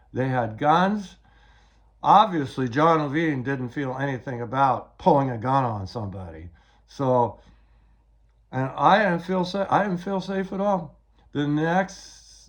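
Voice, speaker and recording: An older man giving a rambling, agitated personal account, often repeating words as he retells events. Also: a little high.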